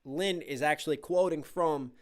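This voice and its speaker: A man reacting to music on a live stream, excitable and breaking down lyrics line by line in casual commentary. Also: on the high side, normal speed, slight background noise. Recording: music playing in the background.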